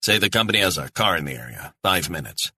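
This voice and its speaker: A man's voice: deep voice, lively intonation, fast talker, sharp tone, slightly rough, no room sound, full character voice. A man voicing a blunt male handler giving clipped orders over the phone. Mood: brusque.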